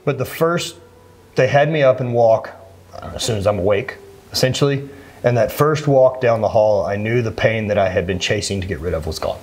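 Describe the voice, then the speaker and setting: A man's voice: lowish voice, moderate pace, darkish tone. A man in his thirties, a former athlete, talking earnestly and plainly as an interview guest, often restarting his sentences. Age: 30s. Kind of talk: candid conversational interview.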